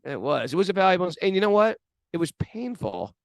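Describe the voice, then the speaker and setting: A man's voice: high-pitched, big pitch swings, fast talker, creaky, no room sound. A man co-hosting a spiritual podcast, telling a self-mocking story in a rambling, chatty way. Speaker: podcast co-host. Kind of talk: casual spiritual chat.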